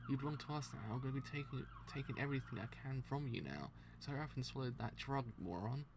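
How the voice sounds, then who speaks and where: A man's voice: mid-range voice, lively intonation, quick pace, vocal fry, noisy background. A man reading as a sleazy drug-pushing man. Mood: menacing.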